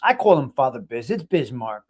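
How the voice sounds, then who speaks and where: A man's voice: mid-range voice, sing-song, moderate pace, slightly rough. A man hosting a casual live stream, talking in a blunt, rambling way with frequent restarts. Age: 50s. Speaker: host.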